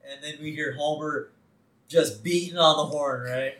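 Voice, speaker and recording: A man co-hosting a podcast, laughing often as he excitedly recaps a cartoon episode and acts out its lines. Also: fairly high pitch, a little slow, distant mic. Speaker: podcast co-host. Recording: roomy, off-mic sound.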